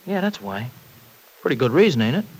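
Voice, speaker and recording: An actor playing a brash, bitter young ex-con in a 1940s radio drama, talking in gruff slang. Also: male voice, mid-range voice, sing-song, fairly quick, darkish tone, poor audio. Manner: slangy, gruff, self-pitying talk. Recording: old radio recording with faint hiss.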